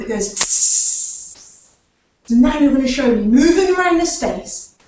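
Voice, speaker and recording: A woman's voice: fairly high pitch, lively intonation, unhurried, pauses often, a little mellow. A woman leading a live story time for young children, playfully asking them to join in with actions. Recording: echoey room, far from the mic.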